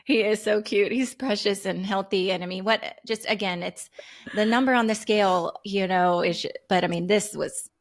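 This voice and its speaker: A woman hosting a casual talk, effusive and easily moved, reacting warmly to her guest. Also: mid-range voice, fairly even intonation, normal speed. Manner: warm, emotional, effusive. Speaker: host, clinic owner. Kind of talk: casual chat.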